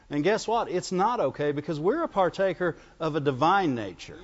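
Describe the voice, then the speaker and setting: Heard through a dull, lo-fi recording with long reverb, a pastor with a high-sitting voice and lively intonation preaches at normal speed with hardly any pauses. His sermon is folksy, and he keeps asking the congregation for amens.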